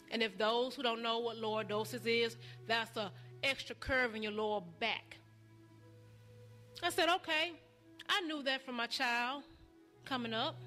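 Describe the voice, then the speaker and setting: Woman preaching, high bright voice, slow, repeats herself and builds to shouting. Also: faint music behind. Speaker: preacher giving testimony. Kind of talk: testimony sermon.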